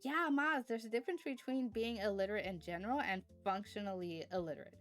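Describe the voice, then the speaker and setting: A woman's voice: medium pitch, quick pace, fairly bright tone, faint music behind. A woman streamer in casual chat, rambling from topic to topic and thanking her chat viewers.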